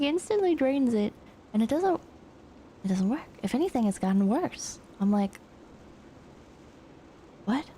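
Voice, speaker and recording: A woman streamer telling a story in a rambling, animated way with casual swearing. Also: medium pitch, gravelly, a little hiss or hum.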